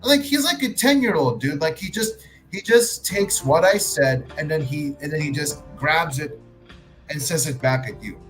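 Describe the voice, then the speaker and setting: This livestream host is a man with a slightly high voice and lively intonation, speaking at a moderate pace over soft background music. In casual commentary he pushes his argument, frequently starting over and cursing occasionally, and the recording is rough.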